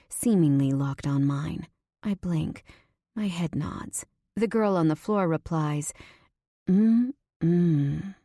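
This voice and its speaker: A woman narrating a first-person romance audiobook in an intimate way, dropping at times to breathy whispers. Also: deep voice, mellow, dry recording, clean studio sound.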